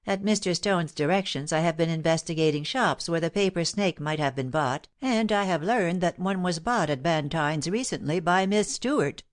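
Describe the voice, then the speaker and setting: A blunt young male investigator who states facts flatly, as a woman narrator puts him on. It is an audiobook reading. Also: lowish voice, moderate pace, hardly any pauses, natural voice. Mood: eager. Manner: blunt, matter-of-fact.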